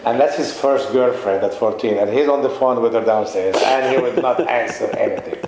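A man's voice: mid-range voice, a little fast, darkish tone, reverberant, low-quality recording. A man chatting casually, laughing as he tells a story about his kids. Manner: chatty, laughing, many fillers. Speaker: guest speaker. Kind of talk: conversational talk.

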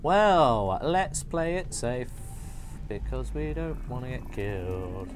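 An English man hosting a gameplay livestream, chatty and excitable, joking with his chat. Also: mid-range voice, slow pace, noisy background. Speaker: livestream host.

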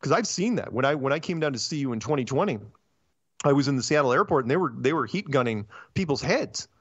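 Male host with a lively, ranting delivery, dry and slightly muffled stream audio. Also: medium pitch, slightly rough, no echo. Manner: animated, ranting, quick asides and restarts. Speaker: podcast host. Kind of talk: casual chat.

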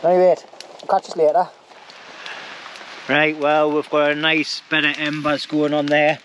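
Outdoors at a wild camp, a middle-aged vlogger jokes to his handheld camera in dialect slang, speaking a little slowly in a level tone with a voice on the high side. Loud rain dominates the camera audio, with slight background noise.

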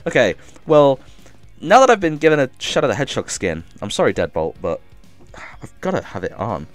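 A man streaming a game live, reading chat aloud and thanking viewers with excitable energy, coughing now and then as if ill. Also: medium pitch, a little fast, soft background music.

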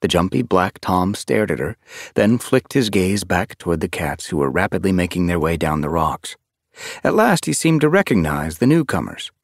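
Expressive male narrator for a fantasy audiobook, low voice, dry studio sound. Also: moderate pace, dry recording. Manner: expressive, shifting voices for characters. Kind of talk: scripted narration.

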